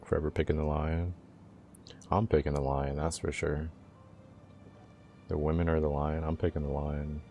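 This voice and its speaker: A man's voice: a bass voice, flat delivery, normal speed, long pauses, warm tone, faint music behind. A young man livestreaming, joking and teasing his viewers in laid-back, casual chat, often laughing.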